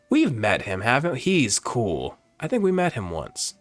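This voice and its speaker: A man hosting a let's play, campy and chatty, who swears freely as he jokes along. His pitch is very animated, and faint game music runs underneath. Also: measured pace. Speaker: gamer, host.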